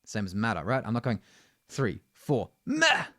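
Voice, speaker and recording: A man's voice: on the low side, normal speed, no room sound, studio quality. A man teaching singing, explaining technique and often checking in with "right?". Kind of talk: vocal lesson.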